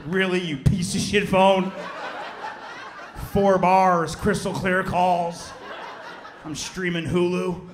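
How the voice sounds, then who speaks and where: A man in his thirties from Chicago doing a stand-up comedy set, telling a story with lively acted-out voices and shouted punchlines. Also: high-pitched, slow, pauses often, roomy sound, noisy background. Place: theater stage before a live audience.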